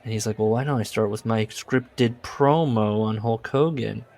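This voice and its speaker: A man with a fairly low voice co-hosts a casual comedic podcast. He reads book passages in a mock-solemn tone and breaks into laughter often. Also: normal speed, a little mellow. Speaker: podcast co-host reading a book aloud.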